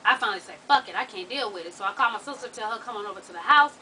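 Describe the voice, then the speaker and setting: Woman vlogging, swears a lot, bright high voice, bit off the mic with faint room noise. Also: very fast, distant mic, rough recording. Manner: profane, animated, laughs while telling. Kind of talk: casual storytelling to viewers.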